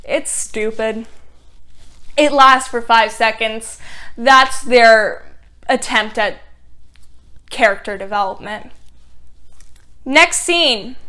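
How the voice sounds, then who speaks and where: A woman's voice: on the high side, pushed and bright. A young woman giving a casual TV review, recapping scenes in a sarcastic, exasperated way with lots of "like.".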